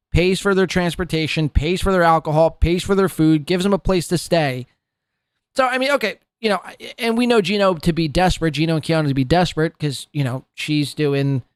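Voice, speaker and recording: A man's voice: a little high, no echo, clean studio sound. Sarcastische man met droge, hoge stem. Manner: mocking, profane, sarcastic. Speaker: podcast host. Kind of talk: ranting commentary over a played clip.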